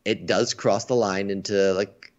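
An American man co-hosts a stream in Asia, chatting casually and enthusiastically about movies and games and often restarting his words. His voice is on the low side with fairly even intonation and an unhurried pace. The recording has a dull, lo-fi sound.

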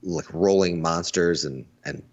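Deep-voiced guy chatting on a stream, keeps restarting words, muffled lo-fi audio. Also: a little slow. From United States. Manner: enthusiastic, restarts words often. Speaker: stream co-host. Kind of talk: casual chat. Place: Asia. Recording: dull lo-fi sound.

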